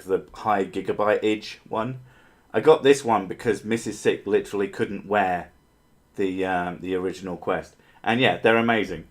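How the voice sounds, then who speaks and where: Low-voiced man rambling through casual stream chat. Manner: rambling, swears casually, many fillers and restarts.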